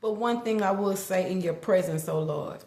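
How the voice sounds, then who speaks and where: A woman's voice: medium pitch, moderate pace, mellow. A middle-aged woman, candidly telling a personal family story with lots of "like" and restarts. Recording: echoey room.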